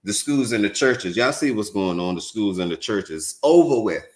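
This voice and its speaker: A man's voice: lowish voice, expressive, moderate pace. Mocking man in a roomy echo. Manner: mocking, sing-song chanting, blunt asides. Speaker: livestream host reacting to a debate. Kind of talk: live reaction commentary.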